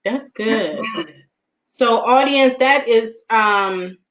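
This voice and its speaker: Higher-voiced woman hosting over video call. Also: drawn-out words, poor audio. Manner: affirming, hesitant with fillers. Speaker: host. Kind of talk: casual interview conversation.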